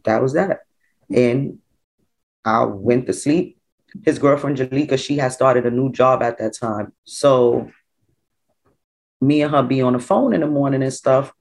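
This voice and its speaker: A woman's voice: very deep voice, creaky. A woman, a mother talking through family memories in an interview, casual and full of "like". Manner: conversational, full of "like", lively when quoting others. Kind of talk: personal storytelling in an interview.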